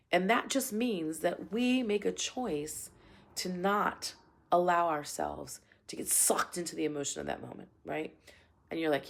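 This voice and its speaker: A middle-aged woman with a lowish voice and a gravelly edge talks straight to the viewer as a parenting coach. She is earnest and plainspoken, and often pauses to ask "right?" in a casual advice chat. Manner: earnest and plainspoken, with many "right?" check-ins. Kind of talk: casual advice talk to camera.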